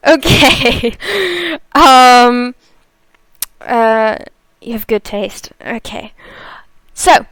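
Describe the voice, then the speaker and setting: A woman's voice: on the high side, extremely slow, a bit bright, no echo. A woman from South Africa hosting a live stream, chatting casually, laughing and reading out viewer comments. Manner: chatty, laughs often, reads chat aloud.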